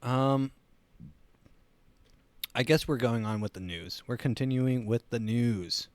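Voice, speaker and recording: A man's voice: medium pitch, slow pace, dry recording. A man hosting a casual solo talk show, rambling with many restarts. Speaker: host.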